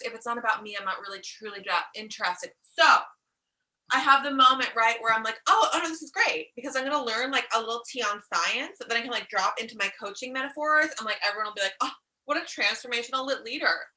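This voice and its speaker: A woman's voice: fairly high pitch, bright, forceful tone, far from the mic, low-quality recording. Sassy, profane woman coaching from afar. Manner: profane, sassy, calls listeners darlings. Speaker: life coach. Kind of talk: comedic live stream monologue. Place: outdoors in a warm country. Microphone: phone live stream.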